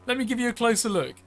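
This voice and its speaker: A man's voice: very high-pitched, a little hiss or hum. An English man hosting a live flight simulator stream, upbeat and chatty, laughing often and coaxing viewers into the chat.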